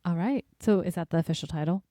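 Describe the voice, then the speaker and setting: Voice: mid-range voice, quick pace, warm tone, dry recording, studio quality. A podcast co-host in a casual chat, mostly giving short, playfully skeptical reactions and questions.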